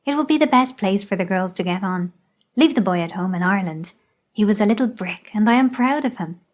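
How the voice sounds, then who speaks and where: A woman reading aloud, voicing a dying middle-aged father who speaks gently and steadily. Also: mid-range voice, expressive, a little fast, natural voice. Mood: tender.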